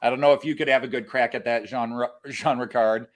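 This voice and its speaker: A man's voice: medium pitch, steady tone, fairly quick. A man co-hosting a casual live stream, explaining and thinking aloud with many fillers. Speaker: co-host of a model railroad live stream.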